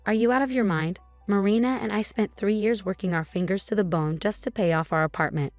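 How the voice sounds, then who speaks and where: A woman voicing an exasperated young husband who talks in a sharp, incredulous way. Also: medium pitch, a little fast, no echo, faint music behind, natural voice.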